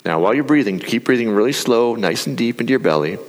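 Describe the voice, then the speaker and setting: A middle-aged man speaking from a stage, calmly coaching an audience through a breathing exercise. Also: medium pitch, fast. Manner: calm, coaching, with demonstrations. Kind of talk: live talk with guided breathing. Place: large hall before an audience. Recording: live hall with long reverb.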